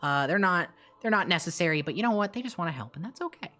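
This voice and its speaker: A woman streamer casually retelling a story, animated and swearing, with quick asides and restarts. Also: fairly low pitch, faint music behind.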